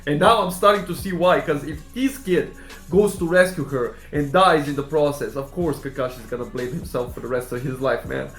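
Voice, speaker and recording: High-voiced, emotional reaction host. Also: male voice, normal speed, a bit bright, roomy sound, faint music behind. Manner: emotional and exclamatory, keeps saying "man". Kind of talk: casual reaction commentary.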